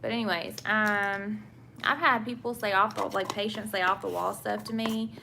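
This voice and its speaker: A woman's voice: medium pitch, steady tone, moderate pace, creaky, bright, forceful tone, slight background noise. A young woman with a Southern US accent, from England, chatting casually with viewers about work as a nurse while doing her makeup. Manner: chatty, answers viewer questions, many fillers and restarts. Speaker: nurse and vlogger.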